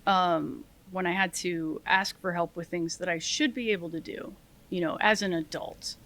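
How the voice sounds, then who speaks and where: A middle-aged woman, a retired Army sergeant, telling stories as a podcast guest in a lively, self-deprecating way, laughing often and acting out what people said. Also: fairly low pitch, normal speed. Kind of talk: casual interview storytelling.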